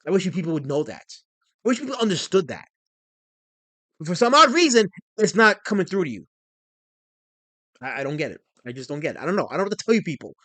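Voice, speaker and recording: Casual livestream host, male, high voice, rambling delivery, dry close sound. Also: sing-song, fast talker, pauses often, a bit bright, no echo. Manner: rambling, reads chat aloud and mock-rants in a raised voice. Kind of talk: casual live-stream chat.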